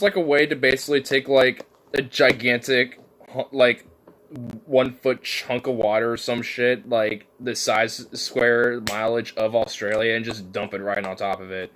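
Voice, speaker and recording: A man's voice: mid-range voice, measured pace, a bit bright. A man in a casual rant, rambling and cursing, packing his talk with "like". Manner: profane, rambling, heavy use of filler "like".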